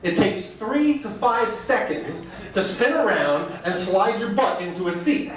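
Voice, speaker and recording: A man giving a comic speech, telling wry, animated stories with mock quotes. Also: sits high, a little slow, a little hiss or hum. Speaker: speaker. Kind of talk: stand-up style speech. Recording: echoey room, mic far off.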